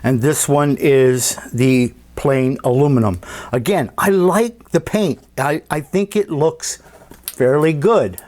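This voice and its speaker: A man talking casually about his scale model at a home workbench, unhurried and thinking aloud with fillers and restarts. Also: fairly high pitch, a little mellow. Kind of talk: casual hobby workshop walkthrough.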